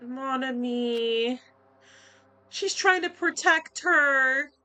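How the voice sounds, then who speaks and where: High-voiced woman reacting to a game. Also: drawn-out words, sharp tone. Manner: emotional, reacts aloud and talks to viewers. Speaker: let's play gamer. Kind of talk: emotional game commentary.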